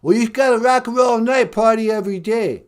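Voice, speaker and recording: A man putting on the voice of a brash rock-star caller with a loud, swaggering delivery. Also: very high-pitched, brisk, smooth, voice pushed down.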